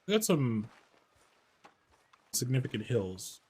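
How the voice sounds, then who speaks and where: Chatty male gamer, mid-pitched. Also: big pitch swings, slow, warm tone, breathy edge. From US Midwest. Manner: chatty, answers chat questions aloud. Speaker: streamer. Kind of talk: casual gameplay commentary.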